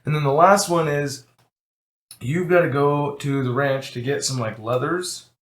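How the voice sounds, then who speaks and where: A man's voice: a little high, a little slow, a bit bright. A man running a tabletop game as game master, talking casually with many restarts. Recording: echoey room.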